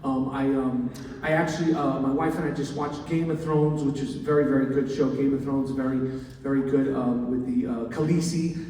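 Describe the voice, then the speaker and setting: A man's voice: medium pitch, steady tone, moderate pace, dark tone. A man doing stand-up comedy, rambling, with lots of fillers and restarts. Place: large hall with an audience. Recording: echoey hall, mic from far off.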